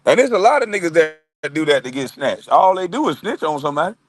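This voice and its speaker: Animated, foul-mouthed ranting man. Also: a little high, quick pace, no echo. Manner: loud, laughing, mocking impressions of others. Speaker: live streamer. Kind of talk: profane ranting monologue.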